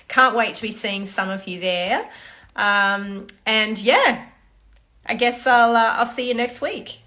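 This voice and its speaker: A woman's voice: mid-range voice, pushed and bright. An Australian woman, a fertility doctor, chatting through a casual live Q&A and greeting viewers by name. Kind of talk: casual livestream Q&A.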